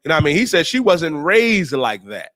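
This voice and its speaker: A man hosting a talk show, preaching on scripture in slangy, emphatic speech and drawing out the verses slowly. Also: on the high side, sing-song, fairly bright tone. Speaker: host and teacher.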